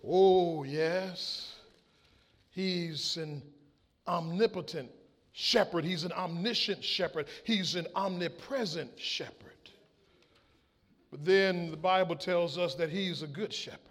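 A man's voice: high voice, lively intonation, fairly bright tone. A male pastor preaching a sermon, reading scripture and asking the congregation to fill in words. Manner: call-and-response preaching, drawn-out scripture quotes.

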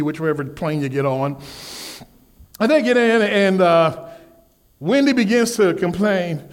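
High-voiced preacher working the congregation. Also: male voice. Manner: call-and-response questions to the congregation, acts out whiny voices. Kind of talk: sermon with storytelling.

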